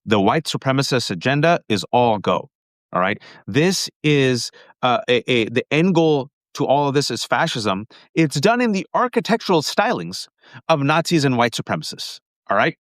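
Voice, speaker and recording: A middle-aged man with a New York accent hosting a live political commentary stream, talking rapid-fire and emphatic, calling his viewers folks. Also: mid-range voice, big pitch swings, a bit bright, no room sound, clean studio sound. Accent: New Yorker. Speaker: political commentator and show host.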